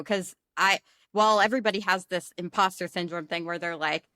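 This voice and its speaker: A woman's voice: lowish voice, brisk, sharp tone, no room sound. Host, woman, 30s, blunt self-mocking talker, dry recording. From New York. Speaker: podcast host. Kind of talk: casual chat.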